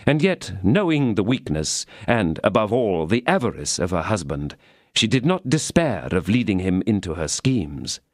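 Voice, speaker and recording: Male audiobook narrator, measured, very lively varied pitch, dry close recording. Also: no room sound. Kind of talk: scripted narration.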